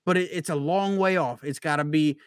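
A man's voice: fairly high pitch, fairly quick, clean tone, no room sound. Man steering a casual podcast chat. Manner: leads the talk, asks questions to the others. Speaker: wrestling podcast co-host.

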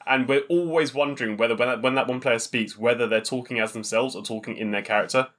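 A man with a middle-pitched, bright and forceful voice, speaking as a podcast regular. He tells wry, jokey anecdotes in a relaxed chat. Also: quick pace. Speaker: podcast regular and game master. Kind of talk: casual chat.

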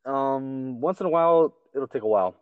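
A man chatting casually as a guest, halting and restarting, swearing casually. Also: mid-range voice, clean tone. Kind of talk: casual chat. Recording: dull dry sound with slight reverb.

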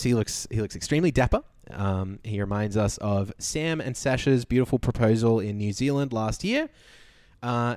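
A man's voice: medium pitch, a little mellow, no room sound, clean studio sound. A man co-hosting a podcast, recapping a reality show in chatty, laughing talk full of fillers. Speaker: podcast co-host. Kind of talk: casual recap chat.

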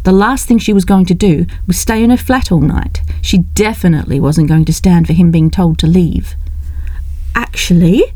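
A woman narrating an audiobook in a brisk, expressive way. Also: on the low side, dry recording.

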